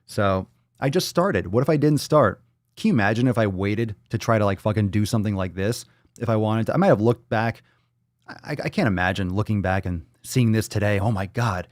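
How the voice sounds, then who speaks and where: This podcast host talks fairly quickly in a fairly low voice, captured dry and at studio quality. Hosting a laid-back livestream from indoors at home, he reads chat comments out loud and curses freely as he chats.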